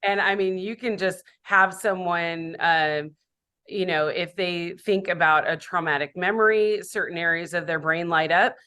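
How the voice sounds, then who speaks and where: Woman guest, public speaker; slightly low voice, reflective and candid. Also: fairly even intonation, a little slow, bright, forceful tone, smooth. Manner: reflective, candid about her own life. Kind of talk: casual podcast conversation.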